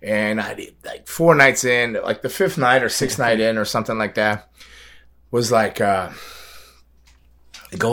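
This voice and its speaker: A man's voice: on the low side, a little slow, pauses often, a bit bright. A man telling a long story as a guest, rambling with many fillers, repeats and frequent laughs. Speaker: guest, wrestler. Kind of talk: casual storytelling.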